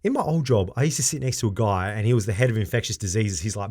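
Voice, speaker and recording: A man chats through a casual podcast, telling stories with plenty of laughter. When he quotes someone he jumps up into a higher, livelier voice, then settles back into easy talk. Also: fast talker, breathy edge. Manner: animated storyteller, laughs often, acts out quotes in a higher voice. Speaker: podcast co-host.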